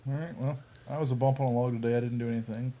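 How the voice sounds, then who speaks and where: Man, casual co-host, dry, teasing, matter-of-fact, mid pitch. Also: steady tone, racing, warm tone. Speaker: podcast co-host. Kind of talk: casual chat.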